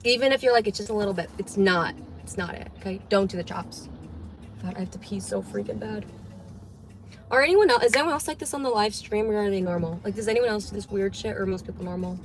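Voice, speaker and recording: A woman's voice: mid-range voice, quick pace, faint music behind. A young woman livestreaming from a car, chatting in a rambling way and swearing casually. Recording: livestream in a car with road noise. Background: car and road noise.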